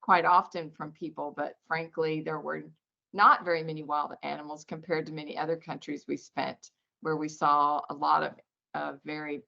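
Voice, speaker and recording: A woman's voice: low-pitched, level tone, moderate pace, vocal fry, pushed and bright. A woman taking part in a speaking workshop over a video call, giving a hesitant practice talk. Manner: hesitant, with fillers and restarts. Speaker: workshop participant. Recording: dull lo-fi video call audio.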